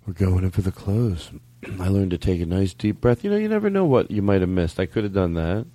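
A man hosting a podcast, talking in a rambling, animated way and laughing often as he riffs. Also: low-pitched, brisk. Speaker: podcast host. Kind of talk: casual comedic chat.

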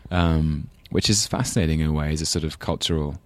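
A man's voice: very deep voice, steady tone, a little fast. A man with a London English accent, a guest actor chatting in a rambling, self-deprecating way. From England. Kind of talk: casual chat.

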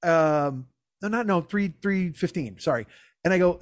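Profane storytelling man, slightly high voice. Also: animated, moderate pace, fairly bright tone, no echo, studio quality. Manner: profane, exasperated, self-mocking. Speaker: podcast host. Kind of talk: comic storytelling.

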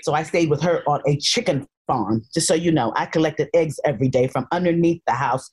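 Born in North Carolina and raised in Harlem, New York, this actress guest shares stories in a casual interview, playfully doing voices with lots of animation. She speaks in a low, slightly rough female voice, a little on the fast side.

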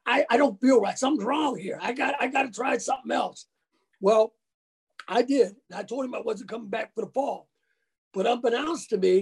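A man's voice: high-pitched, gravelly, a little mellow, breathy edge. A man who once played college football, recalling his past in a casual interview, folksy and colloquial. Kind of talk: casual storytelling.

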